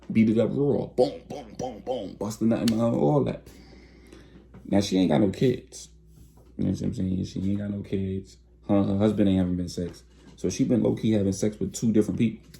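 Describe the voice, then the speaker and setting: A man's voice: on the low side, vocal fry, mellow. A man casually narrating a storytime in slangy, conversational talk, acting out the quotes.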